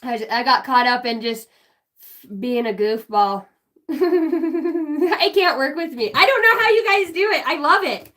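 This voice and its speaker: A middle-aged woman chats on a live stream with a high, bright voice. She is goofy and self-mocking, laughs often and swears freely. She is offering spiritual readings in loose, rambling talk. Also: animated, measured pace. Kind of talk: casual live-stream chat.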